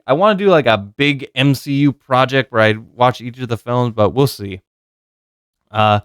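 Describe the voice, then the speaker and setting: A man's voice: mid-range voice, clear, resonant tone, dry recording, studio quality. A young man giving a casual spoken movie review, frank and exasperated, swearing freely.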